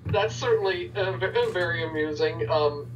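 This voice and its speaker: A tabletop game player answering slowly and hesitantly, with many pauses and ums. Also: mid-range voice, far from the mic, dull audio. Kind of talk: casual chat between game sessions.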